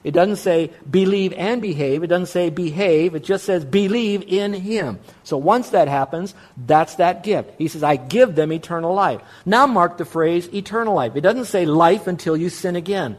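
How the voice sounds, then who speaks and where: A man's voice: high-pitched, expressive, moderate pace, few pauses. A man preaching a sermon as a pastor, stressing key words through repetition and asking rhetorical questions that he answers himself. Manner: emphatic, repeats key words, asks and answers his own questions.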